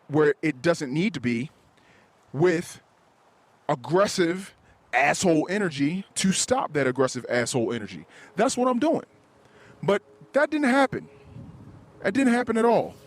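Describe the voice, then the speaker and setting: A man's voice: on the high side, sing-song, moderate pace, pauses often, dry recording. Introspective profane man confessing on a podcast. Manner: introspective, profane, rambling with restarts. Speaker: podcast host. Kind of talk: solo confessional podcast monologue.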